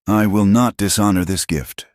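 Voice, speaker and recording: A man voicing a quiet frontier man who speaks solemnly and formally. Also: fairly low pitch, normal speed, no echo, clean studio sound, voice pushed up, close to an everyday voice.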